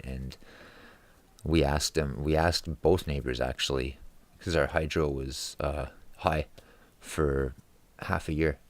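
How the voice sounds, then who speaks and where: Cursing male vlogger with a very low, bass voice, ranting from his room, dry sound. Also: no echo. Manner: profane, angry ranting. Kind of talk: casual ranting monologue.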